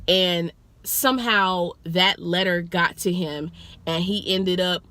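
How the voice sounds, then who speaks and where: Bright, animated woman telling a story. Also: lowish voice, slow. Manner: profane, animated, acts out quotes. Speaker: rideshare driver telling a passenger story.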